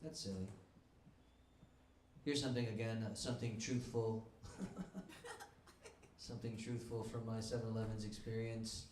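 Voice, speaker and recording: A man doing a stand-up set in a comedy club, talking in a rambling, halting way into a handheld mic. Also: on the low side, steady tone, a little mellow, a little hiss or hum. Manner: rambling, halting, self-interrupting. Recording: echoey club room.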